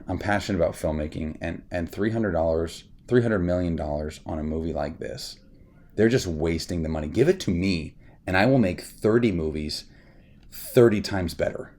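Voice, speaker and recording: A man with a low voice and a gravelly edge hosts a casual movie reaction. He talks in an animated, ranting way, often saying y'all to his viewers. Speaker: film reviewer and channel host.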